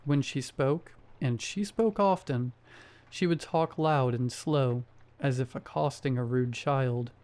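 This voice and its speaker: A man reading a first-person horror story aloud in a steady storytelling manner. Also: medium pitch, slow pace. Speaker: story narrator. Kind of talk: scripted horror narration.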